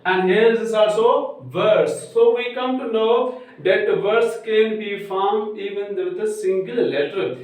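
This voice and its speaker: A male teacher gives a grammar lecture slowly, repeating each point as he goes. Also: sits high, a little mellow. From Pakistan. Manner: slow, repetitive, restates each point. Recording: very echoey room, voice far from mic.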